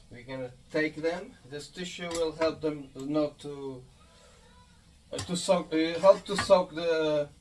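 A man's voice: fairly high pitch, a little mellow. A man hosting a cooking tutorial in his home kitchen, talking viewers through each step and ending lines with a friendly "eh?". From Madeira, Portugal. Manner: friendly, tags sentences with "eh?". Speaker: home cook, video host. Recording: distant mic, faint room noise.

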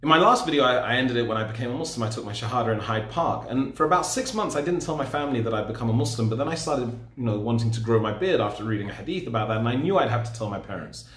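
A man's voice: medium pitch, animated, rapid-fire, few pauses, fairly bright tone. A middle-aged man giving a personal testimony talk as a guest speaker, telling his story and retelling past conversations. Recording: roomy echo.

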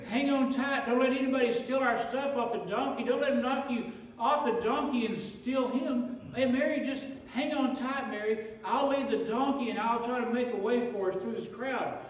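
A man's voice: extremely high pitch, voice pushed up. A man voicing Joseph as a frantic young husband, stammering and pleading as he leads a donkey through a crowd. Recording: echoey hall from far off.

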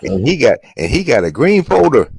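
A man needling another panelist in slow, drawling roast banter on a live stream. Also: medium pitch, very animated, vocal fry, darkish tone, slightly rough, dry recording.

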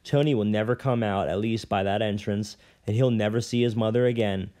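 A man reading a novel aloud at an unhurried pace, now and then stumbling and correcting himself. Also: lowish voice, steady tone, warm tone. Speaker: reader.

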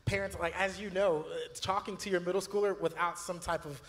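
Earnest male youth pastor, slightly raised pitch, storytelling, recorded in a reverberant room. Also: fairly even intonation, brisk, fairly bright tone. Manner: earnest, storytelling, many fillers and restarts. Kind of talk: church video conversation.

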